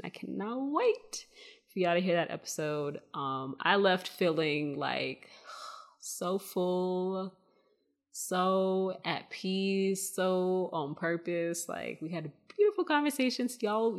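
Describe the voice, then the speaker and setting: A woman hosting a spiritual podcast, talking casually to her listeners in a soft, meandering way with many fillers and calling them y'all. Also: fairly low pitch, slow. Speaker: podcast host.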